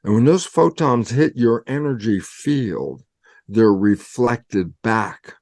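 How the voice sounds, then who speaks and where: A man with a mid-pitched voice explains science to a lay audience by acting out back-and-forth conversations. He fires off rhetorical questions and jumps his pitch up for emphasis. The sound is dry, with no room echo. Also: expressive, slow pace, darkish tone. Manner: acts out both sides of imagined conversations. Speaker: cell biologist guest explaining science. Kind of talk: animated explanatory storytelling.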